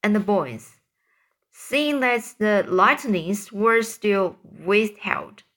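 A woman's voice: mid-range voice, expressive, very slow, fairly bright tone. A woman reading a classic novel aloud, stumbling and restarting on hard words. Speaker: reader.

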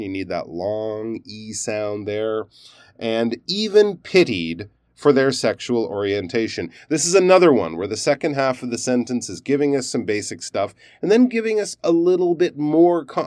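A man's voice: fairly low pitch, a little mellow, no echo, studio quality. A man teaching pronunciation, reviewing learners' recorded sentences and explaining stress and endings in an encouraging, explanatory way.

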